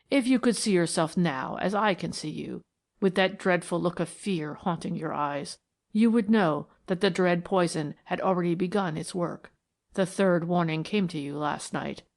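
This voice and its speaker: A solemn male mystic from a storybook, the last of an ancient tribe, read by a woman. He speaks in a grave, prophetic and quietly threatening way, in a lowish voice. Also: gravelly.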